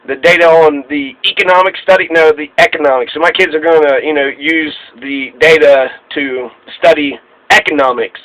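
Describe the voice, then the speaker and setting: High, bright-voiced sarcastic male commentator. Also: steady tone, normal speed, low-quality recording. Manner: sarcastic, rambling, lists complaints. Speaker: political commentator. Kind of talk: off-the-cuff political monologue.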